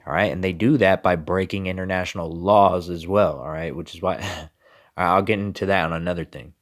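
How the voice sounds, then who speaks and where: Emphatic low-voiced man preaching politics. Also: fairly even intonation, a little fast. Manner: emphatic, repetitive, rhetorical questions. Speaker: religious commentator. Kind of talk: political commentary and scripture reading.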